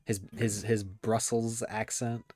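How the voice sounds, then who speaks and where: A man with a somewhat low voice hosts a casual movie podcast. He rambles along with plenty of filler words and loose, friendly phrasing. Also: little pitch movement, takes it slowly, a little mellow, no echo. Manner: rambling, filler-heavy, laughs often. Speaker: podcast host.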